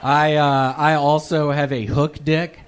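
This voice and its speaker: Comic with a higher voice, deadpan one-liners, club stage mic. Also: male voice, a little slow, very noisy. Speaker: stand-up comedian. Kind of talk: stand-up set and on-stage banter.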